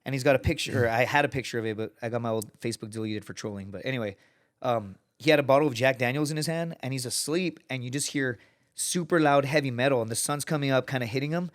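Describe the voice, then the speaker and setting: A man's voice: medium pitch, fast. A man in his thirties telling stories as a podcast guest in a casual, profane way. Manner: profane, lively anecdote-telling, acts out quoted people. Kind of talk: casual storytelling.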